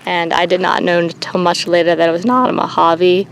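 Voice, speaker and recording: A woman running an animal sanctuary, talking candidly in a halting way with many pauses and restarts. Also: fairly low pitch, little pitch movement, creaky, a little hiss or hum. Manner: halting, many ums and restarts, nervous laughs. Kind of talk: candid personal vlog. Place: outdoors on a rural animal farm.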